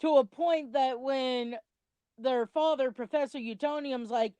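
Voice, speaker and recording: A woman's voice: a little high, steady tone, measured pace, mellow, smooth, no echo. A young adult woman co-hosting a commentary video, chatty, rambling and a little self-conscious in casual chat.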